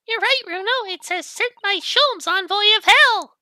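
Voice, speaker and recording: A man doing a chirpy, excitable young girl. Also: very high-pitched, unhurried, dry recording, clean studio sound, pitched above the performer's own voice, heavily acted. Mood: eager. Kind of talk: reading a game aloud on a live stream.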